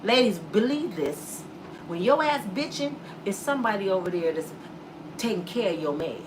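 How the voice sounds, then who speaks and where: A woman's voice: mid-range voice, normal speed, background noise. Casual woman youtuber ranting bluntly, voice swooping all over, sounds kinda distant. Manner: animated and blunt, acting out quoted voices. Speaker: YouTube commentator. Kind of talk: casual commentary to camera.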